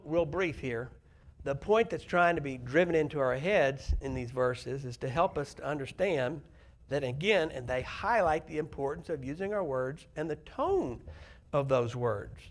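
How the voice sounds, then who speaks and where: A man preaching a sermon to a church congregation, conversational and often asking the listeners questions. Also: on the high side. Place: church sanctuary.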